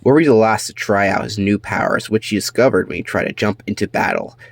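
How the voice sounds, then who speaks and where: A man reading his own children's storybook aloud, animated, with slips and restarts. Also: fairly low pitch, fast, vocal fry, slight background noise.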